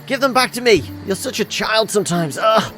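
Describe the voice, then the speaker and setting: A man putting on the voice of a hot-tempered young village woman, shrill and indignant. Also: expressive, normal speed, bright, forceful tone, faint music behind.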